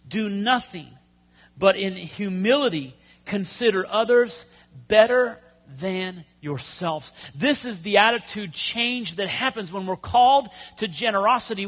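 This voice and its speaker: A man preaching a sermon, telling stories with pauses and sudden loud emphasis. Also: high-pitched. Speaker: pastor.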